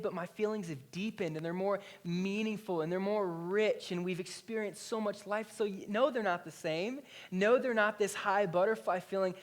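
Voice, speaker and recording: A male pastor in his thirties preaching a sermon in a conversational, animated storytelling way. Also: high-pitched. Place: church.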